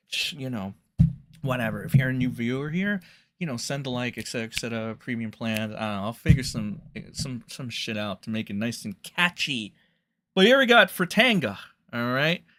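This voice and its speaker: A man on a livestream, rambling through a rant with lots of swearing and sarcasm. His voice sounds bright and sharp, and his pitch sits in a middle range. He speaks straight to his viewers. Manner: rambling, profane, sarcastic ranting. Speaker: streamer.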